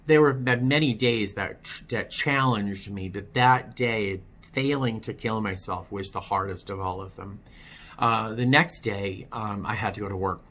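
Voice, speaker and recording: A bright-voiced man with a fairly low pitch tells his recovery story in a personal testimony vlog. He speaks haltingly, often restarting, and his storytelling is candid and wry.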